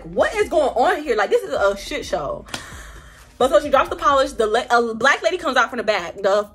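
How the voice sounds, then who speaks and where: A young woman telling a storytime vlog in an animated, slangy way, acting out the people in her story. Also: fairly high pitch. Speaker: vlogger.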